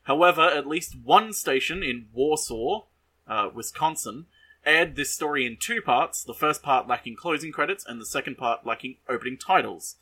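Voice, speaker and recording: A man hosting a casual podcast, sharing trivia playfully, swearing offhand, his pitch jumping up suddenly. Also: animated, moderate pace, sharp tone, slightly rough. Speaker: podcast host.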